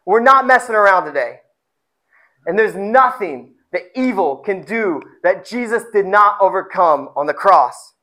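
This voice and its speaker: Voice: mid-range voice, animated, measured pace, pushed and bright, low-quality recording. Pastor delivering an emphatic sermon, prone to repetition and rhetorical questions. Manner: repeats words and phrases for emphasis.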